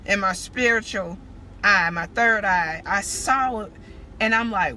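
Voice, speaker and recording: A woman's voice: medium pitch, a little slow, sharp tone, slight background noise. A woman giving a candid spiritual testimony on a live stream, preaching in a casual way and swearing freely. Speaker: spiritual teacher.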